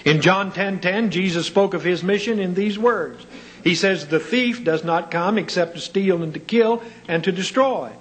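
A man delivering a sermon in a fairly high-pitched voice. He tells stories with dry humor. His voice swings up and down as he fires off rhetorical questions. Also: normal speed, a bit bright, poor audio. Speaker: preacher.

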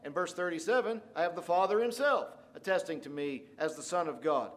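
A man's voice: on the high side, a little fast. A man preaching a sermon, reading scripture aloud and paraphrasing it with rising emphasis. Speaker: pastor.

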